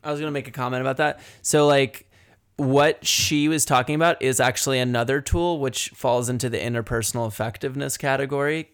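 A man in casual podcast conversation, earnest and frank. His voice is smooth and resonant at an ordinary pitch. He thinks aloud with plenty of fillers and swears casually. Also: fairly even intonation, brisk. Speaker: psychiatrist podcast guest.

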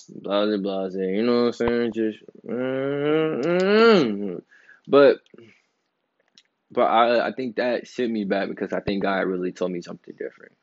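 A man's voice: fairly low pitch, dry recording. Rambling young man, dull podcast audio. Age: 20s. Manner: loose, rambling, slangy and emphatic, with swearing and laughs. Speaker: podcast host. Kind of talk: casual solo podcast monologue.

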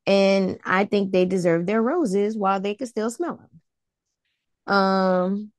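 A woman co-hosting a podcast in casual chat, blunt and expressive, with lots of slang. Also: mid-range voice, slow pace, no room sound. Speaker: podcast co-host.

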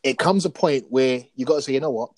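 A man talking casually about wrestling as a podcast co-host, telling stories in an animated, excitable way. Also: mid-range voice, fast, dry recording, poor audio.

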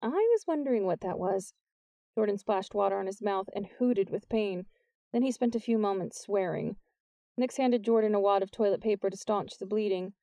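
A woman reading a novel aloud as an audiobook narrator, with steady scripted narration. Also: moderate pace, no room sound. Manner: lifts her pitch for the characters' lines.

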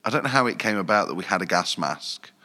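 A man's voice: low-pitched, lively intonation, fast, bright, forceful tone, big-room sound. A man, a nightclub manager, chatting casually and telling anecdotes with frequent laughs. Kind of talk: casual podcast chat.

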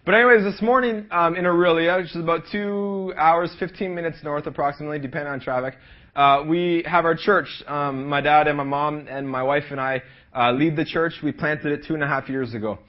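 A young Canadian man preaching an energetic sermon at a youth rally, calling for amens and rising to shouts. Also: on the high side, a little fast, dull audio. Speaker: pastor.

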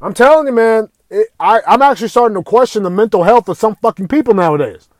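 A man's voice: sits high, expressive, fast talker, no echo. A man delivering an angry, profane rant to camera, swearing constantly and raising his voice at times. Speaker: video ranter.

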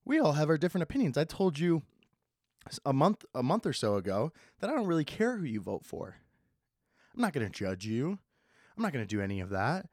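A man's voice: fairly high pitch, huge pitch swings, no echo, clean studio sound. Sarcastic young man rambling on a podcast. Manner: sarcastic, swears a lot, swings between fast and slow. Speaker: podcast host. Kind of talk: casual solo podcast rambling.

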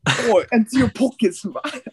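A man's voice: moderate pace, over a noisy crowd. A man voicing a rowdy young British street hooligan, mocking and exaggerated. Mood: mock threatening. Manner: mocking, exaggerated, high-pitched.

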